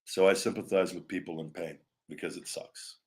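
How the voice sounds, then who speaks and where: Man, lowish voice, rambling casual chat, addresses viewers as brother, live show host. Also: fairly even intonation, moderate pace, darkish tone.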